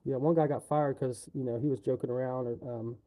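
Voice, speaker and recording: Dark-voiced man ranting casually. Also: medium pitch, fairly even intonation, a little fast. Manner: profane, rambling complaints. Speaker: livestreamer.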